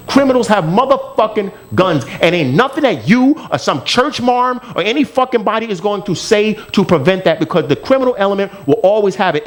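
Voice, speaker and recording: High, animated man ranting profanely. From United States. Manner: angry, profane, emphatic ranting. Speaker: co-host. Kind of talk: heated podcast rant.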